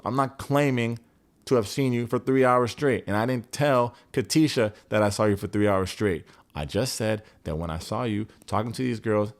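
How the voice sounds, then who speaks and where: A man's voice: mid-range voice, lightly acted. A man putting on the voice of an exasperated young woman arguing heatedly and swearing. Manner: heated, sweary, talking back.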